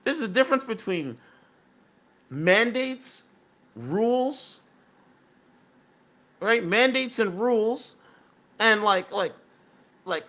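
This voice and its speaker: A man's voice: high voice, big pitch swings, slow, long pauses, sharp tone. A man giving rambling video commentary, often tagging his sentences with "right?". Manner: rambling, keeps asking "right?".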